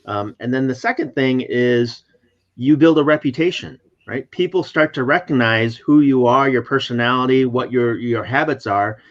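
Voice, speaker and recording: A man's voice: mid-range voice, moderate pace. A man hosting a casual chat, summarizing and clarifying points in a teacherly way. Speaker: host. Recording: slightly dull lo-fi audio.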